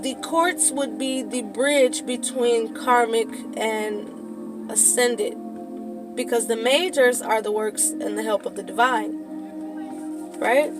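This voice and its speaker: A high-pitched woman talks through a tarot reading in a casual, swearing way that turns into impassioned preaching. Music plays clearly behind her voice. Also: slow pace. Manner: profane, casual. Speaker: tarot reader.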